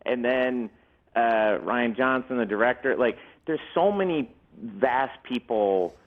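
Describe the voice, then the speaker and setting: A man in his forties, a guest on a talk show, telling lively stories and laughing often. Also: medium pitch, slow pace, narrow, tinny audio. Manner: animated storyteller, laughs often, slips into quoted voices. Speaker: actor and guest. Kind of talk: casual interview chat.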